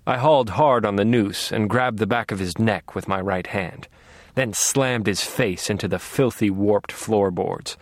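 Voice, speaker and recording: Brief: male audiobook reader, unhurried and low, quiet menace, dry close sound. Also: no room sound. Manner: quiet, menacing, measured delivery. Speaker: audiobook narrator. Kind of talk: first-person audiobook narration.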